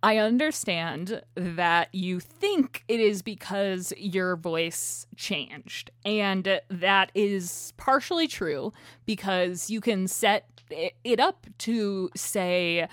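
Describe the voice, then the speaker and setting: A woman co-hosting a podcast in casual chat, animated and laughing often, often restarting her sentences as she talks into a shared microphone. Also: lowish voice, slow, no room sound, studio quality. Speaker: podcast co-host. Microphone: shared single microphone.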